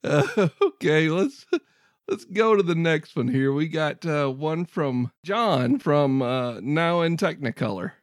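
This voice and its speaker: Slow, lively, laughing podcast host. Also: male voice, on the high side, no echo, clean studio sound. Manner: laughs often, joking. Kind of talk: casual chat.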